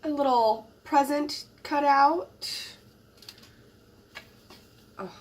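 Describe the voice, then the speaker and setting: A crafting channel host narrates an unboxing in a casual, gushing way, softly exclaiming over each item she admires. Her voice is high-pitched with drawn-out words, and she's far from the mic.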